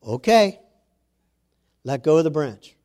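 A man voicing God as a calm, patient presence who reassures a frightened man. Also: fairly high pitch, slow pace, smooth. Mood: reassuring.

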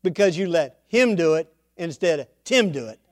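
A man delivers a sermon in a high, bright-toned voice that rises as he acts out the characters. The sound is dry and close. He tells the story with animated, building energy. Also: normal speed, no echo. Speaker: preacher.

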